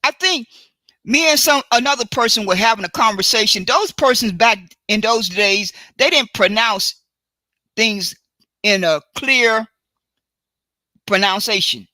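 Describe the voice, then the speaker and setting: A woman hosting a solo live stream, talking in a deliberate, emphatic way and often stopping to correct and repeat herself. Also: a little high, expressive, sharp tone, no room sound. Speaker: livestream host. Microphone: computer mic for a live stream.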